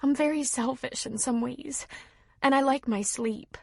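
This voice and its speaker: A woman voicing an emotional, playful young wife in an audiobook, husky and expressive. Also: high voice, unhurried, dry recording, clean studio sound, voice pushed up, full character voice. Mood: tearful. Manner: breathless, emotional.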